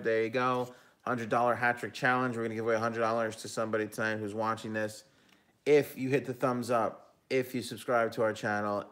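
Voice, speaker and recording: A man with a mid-range, slightly bright voice hosts a live hockey talk stream, chatting casually while he shares his picks and reads viewer comments out loud. As a hockey talk show host and analyst, he's loose and talkative, often saying "um" and correcting himself.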